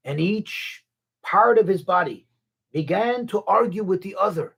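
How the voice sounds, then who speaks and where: Breathy man telling a dramatic story. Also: high-pitched, expressive, a little slow, a bit bright. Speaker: teacher. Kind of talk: storytelling lesson.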